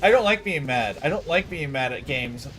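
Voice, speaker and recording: A frustrated man streams a game on a desk mic, dropping into low mutters and then snapping loudly at the screen. His voice sits fairly high for a man and leaps all over the place. A faint hum of room noise runs underneath. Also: lively intonation, moderate pace. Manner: swings between low muttering and sudden loud outbursts. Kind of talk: casual gameplay commentary.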